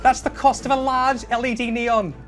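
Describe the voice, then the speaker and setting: A man doing a high, prim impression of a defensive young woman influencer, slipping as he laughs. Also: flat delivery, normal speed, fairly bright tone, soft background music.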